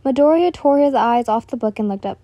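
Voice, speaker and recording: A woman's voice: a little high, animated, fairly quick, no room sound, lo-fi sound. A woman reading fan fiction aloud in a casual way, correcting her slips as she goes.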